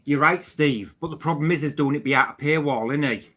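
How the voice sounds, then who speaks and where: A man's voice: on the high side, a little fast, sharp tone. A man on a live stream chat, ranting emphatically about another channel. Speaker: guest streamer. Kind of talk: casual chat.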